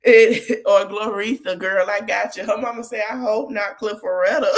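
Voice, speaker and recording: A woman's voice: mid-range voice, fairly even intonation, normal speed. Chatty woman podcast host, motherly advice. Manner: chatty, gives motherly advice straight to the cast. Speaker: podcast host recapping a reality show. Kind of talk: casual recap chat.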